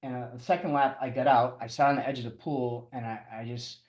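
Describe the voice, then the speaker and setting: A middle-aged man telling his story as a podcast guest, halting and restarting often, with chuckles. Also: mid-range voice, steady tone, reverberant. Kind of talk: casual storytelling interview.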